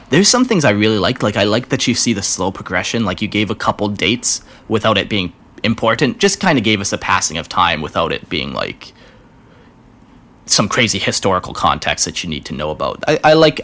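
A man with a somewhat low voice hosting a storytelling podcast. He reads a listener's tale with halting, dramatic pacing. Then he reacts in loose, casual chat full of fillers and laughter. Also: a bit bright. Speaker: podcast host.

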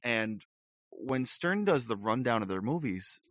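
A man's voice: mid-range voice, a little slow, dry recording, clean studio sound. A man co-hosting a podcast in casual chat, rambling and laughing often as he talks. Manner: rambling, laughs often, lively impressions of others. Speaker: podcast co-host.

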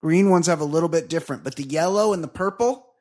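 A man's voice: on the high side, quick pace, darkish tone. Profane, emphatic male comedy podcaster. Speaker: podcast co-host. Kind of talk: casual comedy banter.

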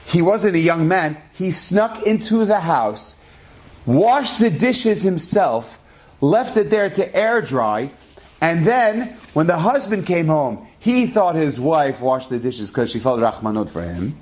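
A man telling a story in an animated, quick, lively way. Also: on the high side. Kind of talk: oral storytelling.

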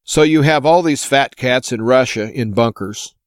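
A man's voice: medium pitch, normal speed, clear, resonant tone, no echo, studio quality. Impassioned American man ranting on a show. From United States. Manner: impassioned ranting, rhetorical questions. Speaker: host. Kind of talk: opinion monologue.

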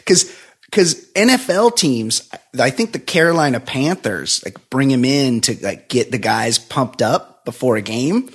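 A man's voice: medium pitch, expressive, measured pace, husky. A man co-hosting a podcast, rambling through casual chat and laughing often. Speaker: podcast co-host.

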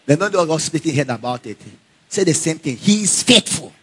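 A man's voice: on the high side, normal speed, a little hiss or hum. A man preaching a sermon, telling stories with frequent laughter and calling out to the congregation for responses. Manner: animated storyteller who laughs often.

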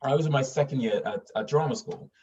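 A man's voice: mid-range voice, fast, a little mellow, husky. A young adult man from northern England with a well-spoken English accent, telling stories in an interview with many fillers and restarts. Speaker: voice actor. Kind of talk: casual interview storytelling. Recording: dull distant mic.

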